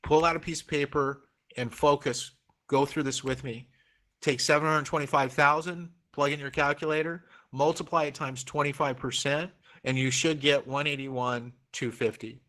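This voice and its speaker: A man's voice: on the high side, steady tone, normal speed, bright, forceful tone. A middle-aged man from Oregon teaching a real estate class online, coaxing students through the math with repeated, encouraging phrases.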